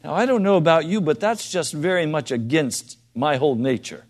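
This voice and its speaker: A man preaching a sermon, asking his listeners direct questions and moving between soft, quiet asides and loud, emphatic appeals. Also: fairly high pitch, moderate pace.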